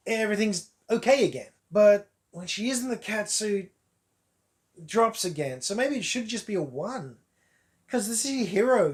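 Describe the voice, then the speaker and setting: A man with a fairly high voice talks casually into the camera as a movie reviewer. He piles on exaggerated, wry put-downs and laughs at his own jabs.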